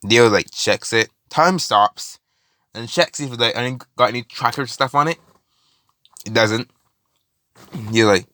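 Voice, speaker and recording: A man's voice: fairly low pitch, a little slow, pauses often, pushed and bright, no room sound, clean studio sound. Rambling young man telling a story. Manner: rambling, many fillers and restarts, swears. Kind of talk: casual improvised storytelling.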